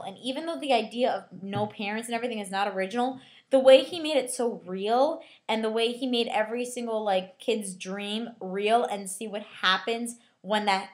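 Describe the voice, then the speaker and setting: A teenage girl giving a chatty, casual book review, full of fillers, who slips into mocking voices. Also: mid-range voice.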